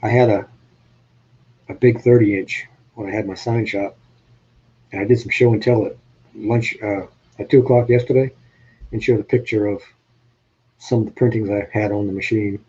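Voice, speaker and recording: A man with a New England accent, his voice low, dark and husky, hosting a rambling, easygoing live-stream chat. The audio is dull and lo-fi. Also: fairly even intonation, normal speed, long pauses. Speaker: host.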